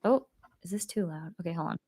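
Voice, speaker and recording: Young woman, live-stream host, casual chat, bubbly, rambling, filler words, sudden excited squeals. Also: fast talker, husky. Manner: bubbly and chatty, many fillers, laughs, with sudden high squeals. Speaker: YouTube vlogger hosting a live stream.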